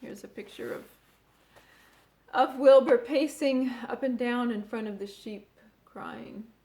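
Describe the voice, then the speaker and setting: A woman reading a children's book aloud in an expressive, animated way. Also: on the high side, slow pace. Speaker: storyteller.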